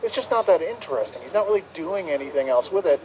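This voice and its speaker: A man's voice: on the high side, expressive, fast, darkish tone, poor audio. A man co-hosting a casual film review chat, wry and mock-exasperated. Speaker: podcast co-host, film reviewer.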